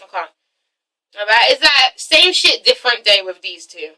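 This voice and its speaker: A sassy woman recapping reality TV, swearing freely and punctuating everything with "okay?". Her voice is high and piercingly bright, and she sits some distance from the mic. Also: expressive, moderate pace. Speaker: reviewer, channel host. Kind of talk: casual profane TV-recap vlog.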